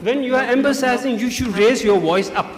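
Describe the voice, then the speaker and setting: A man's voice: extremely high pitch, fairly quick. A man giving emphatic feedback to students as a debate judge, repeating his key points. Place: large school hall. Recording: echoey hall, faint ambience.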